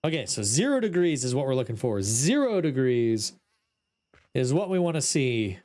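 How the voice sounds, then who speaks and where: A man's voice: medium pitch, sing-song, normal speed, a little mellow. A man streaming a ghost-hunting game, talking to his chat in an exasperated, joking way. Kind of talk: casual gameplay commentary.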